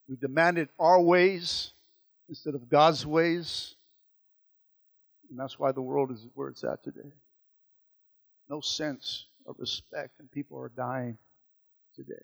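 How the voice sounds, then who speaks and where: A man preaching a sermon, moving from quiet, low passages to loud, emphatic repetitions. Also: steady tone, slow, vocal fry, long pauses.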